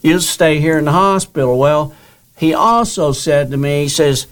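Earnest middle-aged man, smooth voice. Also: fairly high pitch, a little slow. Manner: rambling, earnest, repeats words and quotes others. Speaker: guest telling his story. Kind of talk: casual storytelling interview.

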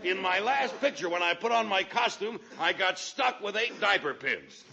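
A man's voice: high voice, expressive, normal speed, creaky, bright, forceful tone, muffled recording, full character voice. An actor playing a whiny grown man stuck in baby roles, in a petulant, childish 1940s radio comedy style, heard on a scratchy old recording with hiss.

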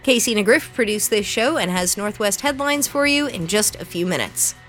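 A woman's voice: mid-range voice, lively intonation, normal speed, a bit bright, soft background music. Woman radio host reading station IDs. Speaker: local public radio host. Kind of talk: station announcements.

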